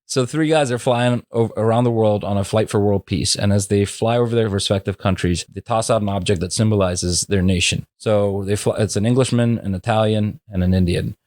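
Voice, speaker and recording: Man from new jersey, comedian, lower voice, rambling storyteller, dry close sound. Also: a little fast, hardly any pauses, a little mellow, no echo. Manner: loose, rambling storyteller with many restarts. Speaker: stand-up comedian guest. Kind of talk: casual podcast chat.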